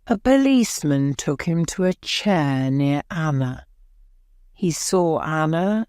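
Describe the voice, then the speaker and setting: A woman narrating a graded-reader audiobook slowly and clearly. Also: deep voice, darkish tone, no room sound, studio quality. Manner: slow, clear, simple phrasing.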